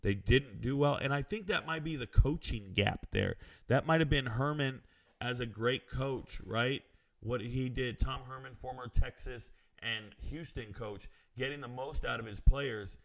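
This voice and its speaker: Speaking at a measured pace and medium pitch, a male sports betting host runs a live stream. He reads comments from viewers and responds brashly and confidently, with slang and offhand asides.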